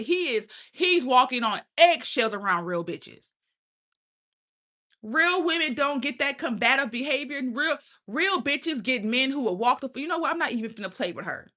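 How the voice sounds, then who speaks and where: Ranting on her casual livestream, the young woman channel host is blunt, profane, and preachy, peppering viewers with questions. She has a high, sharp voice, very animated, and talks at normal speed.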